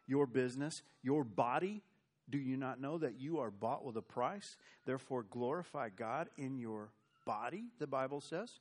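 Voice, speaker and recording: An American man preaching a sermon, telling Bible stories in a folksy, conversational way. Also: mid-range voice. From United States. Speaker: pastor.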